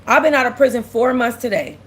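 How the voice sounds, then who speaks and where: A young woman's high-leaning, animated voice comes a little fast over a faint hiss or hum. Hosting a casual stream, she speaks emotionally and openly, near tears, reading viewers' comments aloud, replying, and repeating herself.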